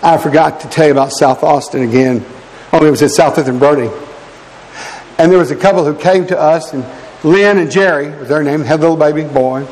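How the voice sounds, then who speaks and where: High-voiced male preacher in a reverberant hall. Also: fairly quick, darkish tone. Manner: earnest, exhorting, addresses congregation as brethren. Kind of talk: sermon with personal storytelling. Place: church.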